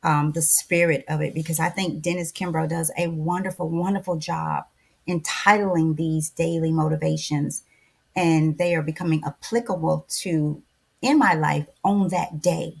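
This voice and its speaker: An older woman speaks in a low, gravelly and somewhat husky voice. She co-hosts a casual podcast in a chatty, reflective way, pausing and correcting herself as she goes. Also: fairly even intonation. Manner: chatty and reflective, many fillers and self-corrections. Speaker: podcast co-host.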